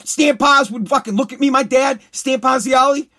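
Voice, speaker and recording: Very high-voiced ranting man. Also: normal speed. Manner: heated, profane, repetitive, bursts into shouting. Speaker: commentator. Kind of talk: ranting commentary.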